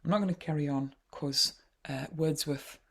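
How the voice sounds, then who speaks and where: A woman with a Yorkshire accent leading an online poetry workshop over a video call, chatty and wry, often pausing with "uh". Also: low-pitched, gravelly. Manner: chatty, wry, frequent hesitations.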